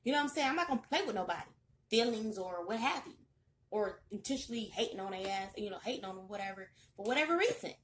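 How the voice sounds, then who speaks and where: A young woman giving a casual tarot reading, chatty and sassy with loud bursts of excitement. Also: medium pitch, quick pace, slight background noise. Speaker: tarot reader.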